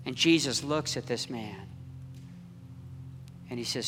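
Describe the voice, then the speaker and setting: A man preaching a dramatic sermon as a story, slow and swinging between loud cries and hushed near-whispers. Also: mid-range voice, noisy background. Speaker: pastor. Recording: echoey hall with long reverb.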